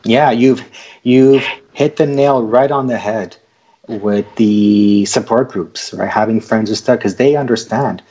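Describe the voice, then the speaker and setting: A man talks as a guest on a video call in a husky, breathy voice. He stutters and repeats syllables as he speaks, and he laughs often. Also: lowish voice, unhurried, dark tone, low-quality recording. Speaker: guest cartoonist and podcaster. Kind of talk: casual video-call interview.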